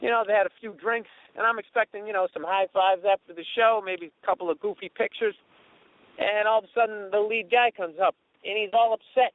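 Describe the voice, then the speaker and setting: Profane storytelling comedian, tinny sound. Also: male voice, high voice, fairly quick, no echo. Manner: profane, animated, does mocking voices of others. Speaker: comedian podcast host. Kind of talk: storytelling monologue.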